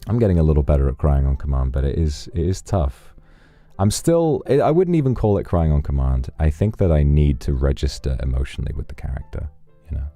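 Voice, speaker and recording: Male streamer, reflective, rambling chat, very low and mellow voice, dry close sound. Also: expressive, a little fast, no room sound, faint music behind. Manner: reflective, rambling storytelling with restarts.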